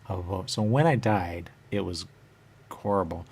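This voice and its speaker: Casting: deep-voiced man with gravelly fry, rambling trance-like monologue, repeats himself, halting delivery. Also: darkish tone, slight background noise. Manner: repetitive, halting, circles back on phrases.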